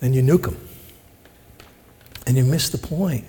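A man's voice: medium pitch, measured pace, mellow, slightly rough, long reverb tail. A man preaching a sermon in a conversational way, often asking the congregation questions. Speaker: pastor.

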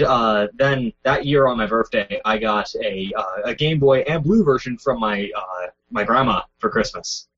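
A young man guests on a casual podcast and rambles through his stories with lots of fillers. His husky voice rises and falls in a lively way. The recording sounds dull and lo-fi. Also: mid-range voice. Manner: rambling, self-mocking, many fillers and restarts.

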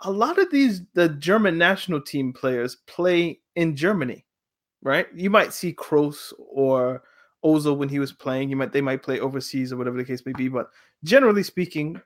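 Man, casual football debate, animated, rhetorical questions, higher-pitched voice. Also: normal speed. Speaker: podcast co-host.

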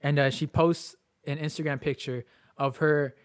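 A man's voice: a little high, steady tone, moderate pace. A young man co-hosting a casual podcast, slangy and hyped, steering the topics. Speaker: podcast co-host. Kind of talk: casual chat.

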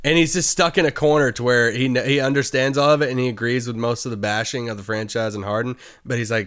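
A man's voice: mid-range voice, steady tone, fast, few pauses, a bit bright, clean tone. A man co-hosting a casual sports podcast, dry and sarcastic, telling anecdotes. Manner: joking, sarcastic. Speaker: podcast co-host.

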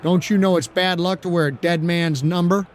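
A man's voice: high voice, steady tone, normal speed, slight background noise, pitched above the performer's own voice, lightly acted. A man voicing a cocky male quarterback who talks in a sneering, mocking way.

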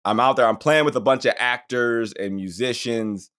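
A man co-hosting a podcast in casual chat, telling a story with lively acted-out quotes. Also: mid-range voice, normal speed. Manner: animated storyteller, acts out quotes. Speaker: podcast co-host.

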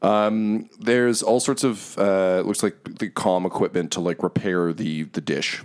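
Here is a man with a low, deep voice, narrating as game master for a tabletop role-playing session. He talks casually and hesitantly, filling his sentences with ums and uhs as he describes the scene. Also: fairly even intonation, unhurried, darkish tone.

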